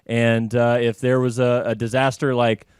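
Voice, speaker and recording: A man who owns a business, answering interview questions in a measured, reflective way. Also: medium pitch, flat delivery, clear, resonant tone, no room sound, clean studio sound. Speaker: guest business owner.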